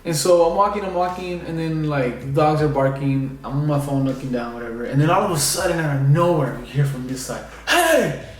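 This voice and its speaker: Speaking briskly with a fairly high pitch and barely pausing, a young man who vlogs shares a personal story in a loose, rambling way. He leans heavily on fillers, saying "like" and "you know" a lot, captured by a distant mic in an echoey room.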